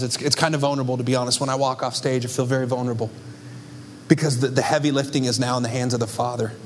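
A man's voice: medium pitch, a little hiss or hum. A young adult man preaching a sermon with passion and emphasis, as pastor on a church stage. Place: church stage before a congregation.

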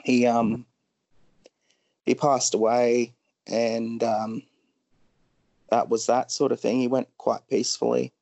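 Halting, soft-spoken man telling a sad story. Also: mid-range voice, flat delivery, creaky, no echo. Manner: halting, frequent ums, pauses. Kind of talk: emotional personal storytelling.

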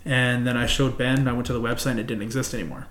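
A man's voice: medium pitch, fairly even intonation, quick pace, fairly bright tone. A man from Canada with a Canadian accent, a podcast co-host telling a rambling, profane story in casual chat. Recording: roomy echo.

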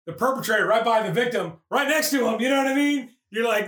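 A man hosting a casual comedic movie recap, animated and prone to loud acted-out bursts. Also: very high-pitched, fast, hardly any pauses, echoey room. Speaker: podcast host.

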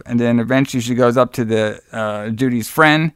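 A man's voice: medium pitch, moderate pace, smooth, dry recording, studio quality. A man co-hosting a podcast who recaps a movie in a rambling, laid-back way, laughing often and swearing freely. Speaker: podcast co-host. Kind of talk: casual movie recap chat.

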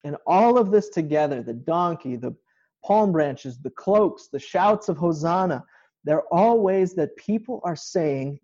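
A man's voice: on the high side, animated, measured pace, mellow, lo-fi sound. A male pastor giving an informal online sermon from a home kitchen, explaining scripture in a conversational way.

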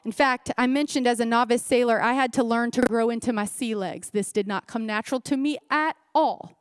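High-voiced woman pastor preaching emphatically. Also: fairly quick, clear, resonant tone, no room sound, studio quality. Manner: emphatic, repeats phrases, asks the crowd rhetorical questions. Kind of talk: sermon. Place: church service.

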